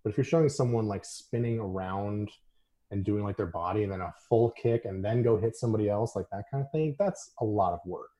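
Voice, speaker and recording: A man co-hosting a casual conversation about an animated film, enthusiastic and quick to laugh, with many fillers. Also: fairly low pitch. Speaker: podcast co-host. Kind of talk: casual chat.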